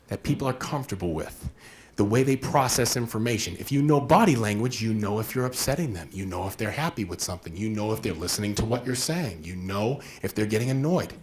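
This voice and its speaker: Lively man giving a workshop talk. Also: mid-range voice. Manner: animated and conversational, acts out little scenes. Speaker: workshop presenter.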